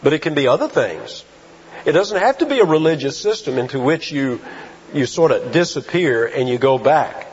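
Husky-voiced preacher with a lively delivery. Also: male voice, fairly high pitch. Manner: emphatic preaching with rhetorical questions and slow stressed phrases. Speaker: pastor. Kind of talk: sermon. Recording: dull lo-fi sound.

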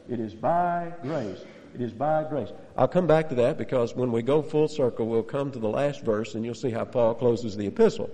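A man's voice: fairly high pitch, dark tone. Emphatic preacher man in a reverberant hall. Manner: emphatic, repeats key phrases, chuckles now and then. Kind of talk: expository sermon.

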